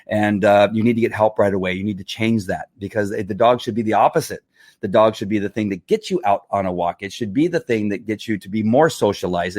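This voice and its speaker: A man's voice: lowish voice, a little mellow, dry recording, clean studio sound. A middle-aged man, a dog trainer, talking earnestly and a bit rambling on a live stream, answering viewer comments.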